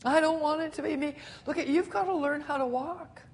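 An older woman preaching a sermon, animated and laughing often as she acts out quotes. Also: sits high, a little fast.

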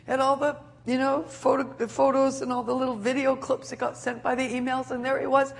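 An older woman preaching a sermon, animated and laughing often as she acts out quotes. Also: sits high, fairly quick, gravelly.

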